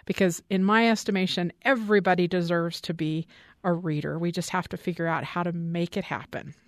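A woman hosting a radio interview, speaking in a measured, thoughtful way. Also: fairly low pitch, fairly even intonation, dry recording, studio quality. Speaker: radio show host. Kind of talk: interview conversation.

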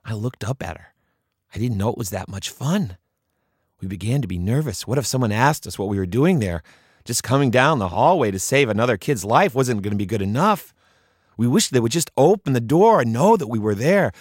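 A male storyteller who performs a childhood memory with lively, swooping intonation. He slips into the children's voices and sinks to a hush when the suspense builds. The sound is close and dry. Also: medium pitch, normal speed, slightly rough, dry recording. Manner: acts out the children's voices, drops to hushed tones for suspense.

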